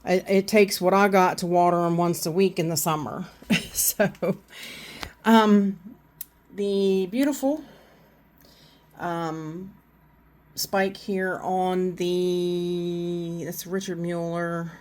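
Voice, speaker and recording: A woman's voice: lowish voice, steady tone, slow pace, long pauses, darkish tone. A middle-aged woman with a Southern US accent, chatting casually and rambling through a walkthrough of her plants at home. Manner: chatty, rambling, many fillers and restarts. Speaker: orchid vlogger. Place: indoors at home among plant shelves.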